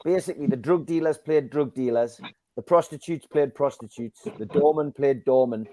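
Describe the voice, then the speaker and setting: A man's voice: mid-range voice, normal speed, mellow, dry recording. Friendly man chatting on a dry call. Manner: friendly, rambling with fillers, calls people mate. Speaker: actor and host. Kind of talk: casual live-stream chat.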